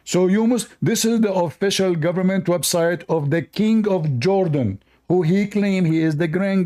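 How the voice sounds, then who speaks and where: A man hosting a live-stream debate, talking in a mocking, animated way with loose, non-native English phrasing. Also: high-pitched, moderate pace, hardly any pauses.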